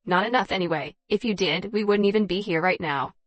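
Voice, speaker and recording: A woman voicing a calm, firm fed-up husband. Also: medium pitch, fairly quick, lo-fi sound, close to an everyday voice. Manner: quiet, steady and firm.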